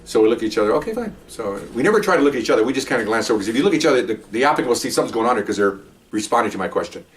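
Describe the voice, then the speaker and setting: A man's voice: mid-range voice, expressive, very fast, distant mic, a little hiss or hum. An older man, a retired police officer, telling stories in a rambling, casual way and acting out bits of dialogue. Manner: rambling, acts out quoted dialogue. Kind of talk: casual storytelling.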